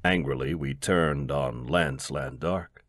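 A man reading a science fiction story aloud in a measured, grave storytelling manner. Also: rumbling low, a bit bright, no room sound, clean studio sound. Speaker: narrator.

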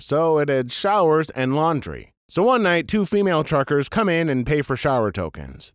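A man reads out a series of anecdotes in a scripted, matter-of-fact narration. His pitch moves a lot, rising and falling through each line. The recording is dry and close, with no room sound. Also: no room sound. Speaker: narrator reading internet stories.

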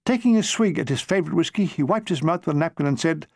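A man's voice: a little high, lively intonation, fast talker, darkish tone, no room sound. Dry-witted man narrating his memoir. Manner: dry, wry storytelling with comic timing. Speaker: author reading his own memoir.

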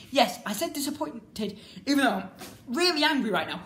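A woman giving a casual, ranting review as a vlogger, exasperated and repetitive, swinging between loud outbursts and low muttering. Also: big pitch swings, brisk. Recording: echoey room with faint background noise.

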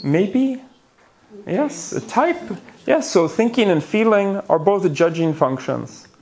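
Before a conference-hall audience, a neuroscience lecturer with a high, darkish voice speaks slowly but very animatedly about the brain. He's playful and theatrical, dropping gasps, asides and little jokes for the crowd.

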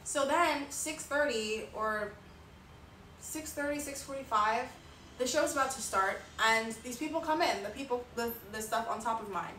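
On a livestream, a woman artist and streamer relates a story casually, with many sighs and filler words. Her voice runs on the high side, bright and forceful, at a moderate pace. Faint noise and a roomy sound come from the mic being far away.

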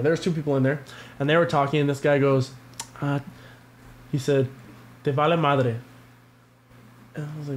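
A man's voice: fairly high pitch, steady tone, fairly quick, pauses often, a little hiss or hum. A man telling crude, rambling stories on a casual podcast, swearing freely. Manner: crude, vulgar storytelling with lots of swearing. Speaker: podcast co-host.

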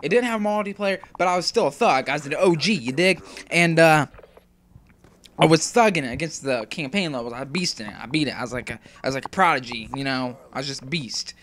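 A man's voice: on the high side, animated, fairly quick, fairly bright tone, a little hiss or hum. Rambling young man, gameplay commentary. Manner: rambling, slangy and loose, swears casually. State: recovering from a sore throat. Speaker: gaming YouTuber.

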